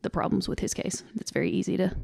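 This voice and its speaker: A fast-talking Southern woman co-hosts a podcast in a fairly low, flat voice with vocal fry and a Southern American accent. The casual conversation is earnest and loosely off the cuff, with soft laughter, and the studio microphone recording is studio quality with no room sound.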